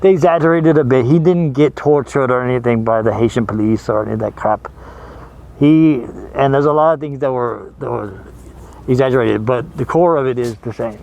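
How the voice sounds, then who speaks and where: A man's voice: mid-range voice, fairly quick, vocal fry, a little mellow, a little hiss or hum. Horror movie host guy rambling casually, easy laughs, medium voice. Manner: rambling, laughs easily, trails off and restarts. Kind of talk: casual chat.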